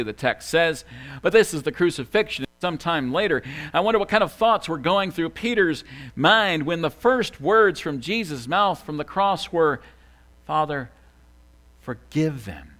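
A man preaching a sermon, swinging between hushed, quiet lines and loud, emphatic ones, repeating key phrases for emphasis. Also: on the high side. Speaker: pastor.

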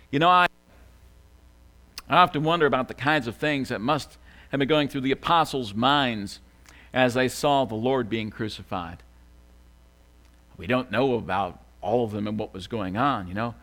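A man preaching a sermon, swinging between hushed, quiet lines and loud, emphatic ones, repeating key phrases for emphasis. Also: mid-range voice, moderate pace, pauses often. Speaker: pastor.

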